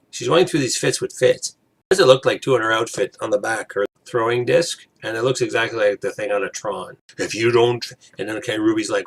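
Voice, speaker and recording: A man's voice: lowish voice, vocal fry. A man giving a rambling, casual spoken recap of a TV episode, briefly acting out the characters' lines. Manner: rambling, acts out characters' lines in quick impressions. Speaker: TV episode reviewer.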